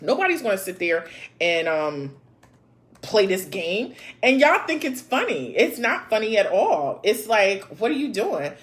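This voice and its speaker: A woman's voice: mid-range voice, very animated, measured pace. A woman in her thirties hosting a casual live chat, reading viewer comments aloud and answering in a blunt, sassy way, with frequent laughs and swearing.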